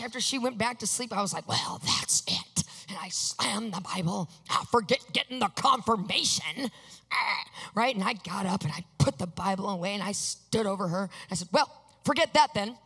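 A woman preaching from the pulpit, acting out her own story with lively energy. Her voice sits a little high and rings with long reverb from a large hall. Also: slightly rough. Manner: animated, acts out her own reactions. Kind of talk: sermon telling a personal story.

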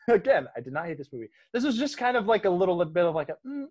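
Animated man chatting about movies. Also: high-pitched, fast. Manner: animated, laughs often, trails off and restarts. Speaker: podcast host. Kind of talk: casual movie discussion.

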